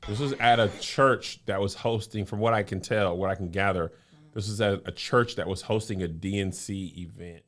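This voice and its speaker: A low-voiced man trading jokes as a podcast co-host. He keeps it casual and playful, quick with a crude quip. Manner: playful, joking, lively reactions. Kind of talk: casual chat.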